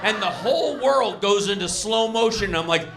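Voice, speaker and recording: A man performing a stand-up comedy set in a restaurant, telling exasperated stories with loud bursts. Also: high voice, animated, moderate pace. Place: restaurant comedy show with live crowd. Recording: live room with crowd noise.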